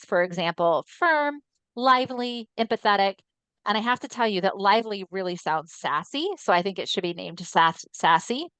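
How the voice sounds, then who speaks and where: A woman's voice: mid-range voice, a bit bright, dry recording. A woman trainer giving an upbeat, chatty webinar presentation over a computer mic on a video call. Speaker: assistive technology trainer.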